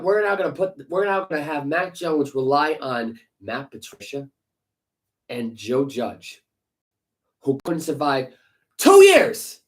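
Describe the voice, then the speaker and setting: A man's voice: a little high, a bit bright, rough recording. A man co-hosting a sports podcast, ranting heatedly with profanity and sarcastic rhetorical questions. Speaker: podcast co-host. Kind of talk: casual sports podcast rant.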